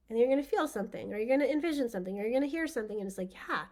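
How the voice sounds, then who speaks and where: A woman with a high, light voice leads a spiritual session. She talks casually and with enthusiasm, rambling and circling back with plenty of fillers as she teaches. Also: animated, very fast, hardly any pauses, a little mellow. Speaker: spiritual workshop host.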